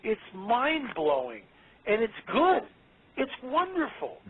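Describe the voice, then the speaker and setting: A man speaking as a guest on a radio interview, emphatic and excitable, often repeating his words. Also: a little high, moderate pace, slightly rough. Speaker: guest author. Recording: tinny phone line.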